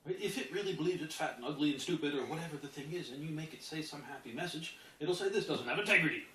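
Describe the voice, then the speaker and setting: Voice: mid-range voice, quick pace, reverberant. A self-help teacher talking through a method in a casual lesson, acting out inner voices and often asking "right?", recorded on a distant mic with background noise.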